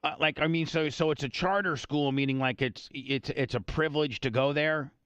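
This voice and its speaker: A man's voice: a little high, moderate pace, a bit bright, clean tone, no room sound, muffled recording. A man hosting a radio after-show, chatting casually, swearing freely and cutting in with questions. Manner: profane, interrupts often with "hold on".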